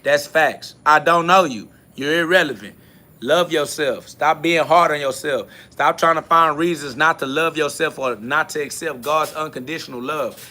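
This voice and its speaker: Blunt, profane man with a bright voice. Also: a little high, moderate pace. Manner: blunt, profane, confrontational, repeats catchphrases. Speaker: podcast host. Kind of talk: solo spiritual podcast monologue answering comments.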